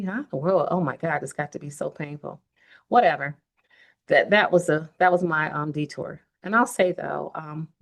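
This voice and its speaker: A woman's voice: deep voice, vocal fry. A woman in her fifties hosting a podcast, telling her own story in an earnest, heartfelt way and speaking straight to her listeners. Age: 50s. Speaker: podcast host.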